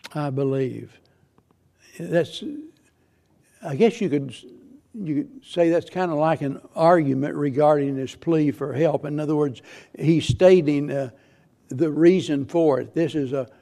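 A man's voice: a little high, gravelly, mellow. A man preaching a church sermon with earnest, repetitive phrasing and frequent restarts. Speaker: pastor.

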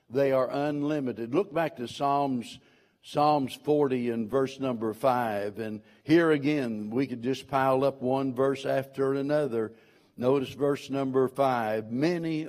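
A man preaching a sermon from the pulpit, quoting scripture and stressing its words in a deliberate, earnest delivery. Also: mid-range voice, dark tone. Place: church.

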